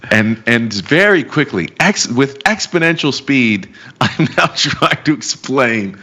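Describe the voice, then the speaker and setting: A man in his thirties hosting a live trading show, chatty with quick asides. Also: medium pitch, sing-song, bright, forceful tone. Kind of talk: casual live show banter.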